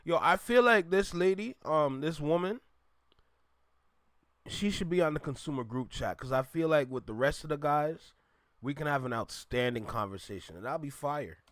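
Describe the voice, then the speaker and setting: A man's voice: fairly high pitch, lively intonation, normal speed, fairly bright tone, no room sound, clean studio sound. A man hosting a reaction video, commenting with emphatic, preachy talk and addressing listeners as "y'all.". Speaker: reaction channel host.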